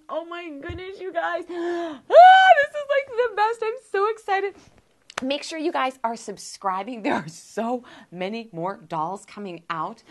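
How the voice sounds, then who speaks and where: Bubbly female toy vlogger, higher voice that bounces all over, giggly and excitable. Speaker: toy reviewer, host. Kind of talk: toy review vlog.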